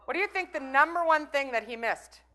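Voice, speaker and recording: A woman's voice: high-pitched, expressive, brisk, bright, forceful tone. A middle-aged woman from Minnesota, giving a chatty, playful motivational talk and teasing the audience. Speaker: conference breakout speaker.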